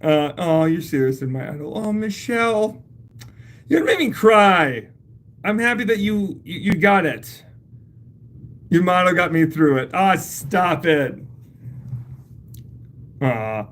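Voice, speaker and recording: Woman, livestream host, casual chat, slow unhurried delivery, lively swooping pitch, laughs a lot, swears casually, step-by-step home repair coaching. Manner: coaches step by step, then explains plainly.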